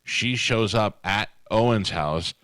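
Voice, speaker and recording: A man's voice: fairly low pitch, fairly bright tone, no room sound. A middle-aged man hosting a radio show, chatting casually and telling joking stories. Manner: storytelling, joking, quick asides. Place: radio studio. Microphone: studio microphone.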